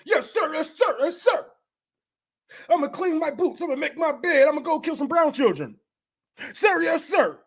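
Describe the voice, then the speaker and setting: A man shouting as a barking young soldier. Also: very high voice, sing-song, normal speed, voice pushed up, full character voice. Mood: mocking. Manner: shouted, clipped, mocking. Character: eager young male soldier barking replies.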